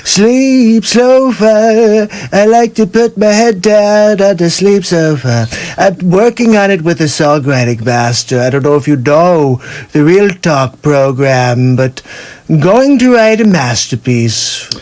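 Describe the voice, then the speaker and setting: A blustering older male president, as a comedian puts him on for a live comedy stream. He talks slowly, stretching his words and circling back to the same boasts. His voice sits high for a man. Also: animated, a little mellow. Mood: boastful. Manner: rambling, repetitive, drawn-out words. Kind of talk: celebrity impression on a livestream.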